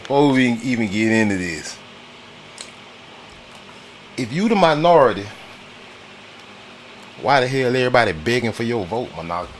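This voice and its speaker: A man from the United States hosts a casual political talk stream, using loose slang, repeating his points and often stopping to greet viewers in chat. His mid-range voice is animated at a moderate pace with frequent pauses, and there's a little hiss or hum.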